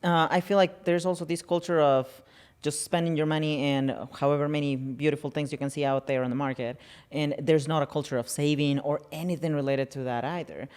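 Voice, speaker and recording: Interviewer, casual, mid-pitched, quick reactive asides. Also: steady tone, a little mellow, clean tone. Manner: brief reactions and backchannels.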